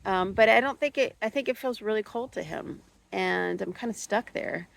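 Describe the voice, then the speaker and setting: A woman in her thirties talking through a personal struggle in a reflective monologue, thoughtful and hesitant, with many pauses and restarts. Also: medium pitch, vocal fry, slight background noise, rough recording. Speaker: spiritual podcast host.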